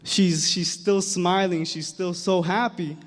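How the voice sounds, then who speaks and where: Young guy giving an emotional speech onstage, kinda high voice, lots of stumbles and repeats, big echoey hall. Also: steady tone. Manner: earnest, emotional, halting repetitions. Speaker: award event speaker. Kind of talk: storytelling speech on stage. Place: large hall. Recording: hall reverb from a big room.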